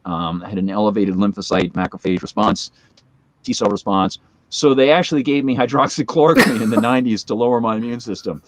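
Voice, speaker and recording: A man's voice: fairly low pitch, no room sound. A man in his forties, a guest in a casual chat, telling a long story full of fillers and asides. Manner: rambling anecdotal storytelling with many fillers.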